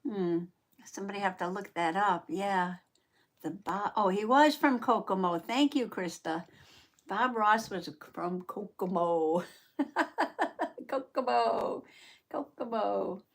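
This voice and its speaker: A woman's voice: medium pitch, slow, pauses often. An older woman from Southern Indiana hosting a casual live art stream, greeting viewers by name and laughing often.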